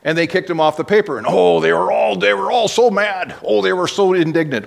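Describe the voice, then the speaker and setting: A man's voice: high voice, fast talker, creaky, few pauses. A man preaching a sermon as pastor, telling stories conversationally and breaking into blunt exhortations, with frequent restarts.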